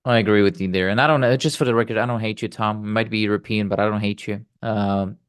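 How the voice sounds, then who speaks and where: A man's voice: fairly low pitch, fairly even intonation, fast talker, clean tone. A man hosting an interview, agreeing with his guest and thinking aloud through his questions. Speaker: interview host. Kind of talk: conversational interview.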